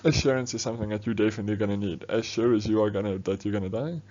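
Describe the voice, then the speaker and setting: Fast-talking man teaching business studies. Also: on the low side, fairly even intonation, a little mellow, dull audio. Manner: quick, chatty explaining with frequent "okay"s. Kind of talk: exam revision lesson.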